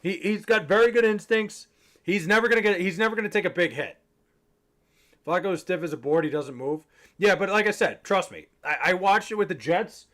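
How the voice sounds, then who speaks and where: A young man with a high, fairly bright voice talks briskly on his livestream. He's chatting casually with chat, a bit tipsy, rambling with plenty of profanity and jokes.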